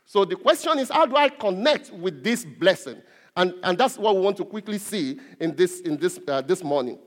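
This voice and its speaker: A man preaching a sermon with a high voice that swoops up and down with energy. He presses hard on key words and repeats them for emphasis. His voice rings out with a long reverb in a large hall. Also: animated, normal speed. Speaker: pastor.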